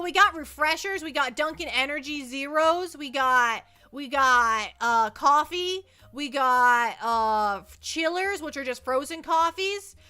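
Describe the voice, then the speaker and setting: A young woman streamer with a high, bright voice chats casually into a close mic, rambling and poking fun at herself. She often stumbles and repeats words mid-sentence. Faint music plays behind her. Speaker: VTuber streamer. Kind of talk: casual livestream chat. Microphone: close desk mic.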